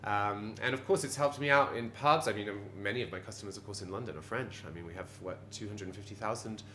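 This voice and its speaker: A man's voice: lowish voice, quick pace, sharp tone, a little hiss or hum. A Quebecois-Canadian man, a pub landlord, talking animatedly in an interview, rambling with fillers and restarts. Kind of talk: conversational interview. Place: bar of an old pub. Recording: roomy pub with background ambience.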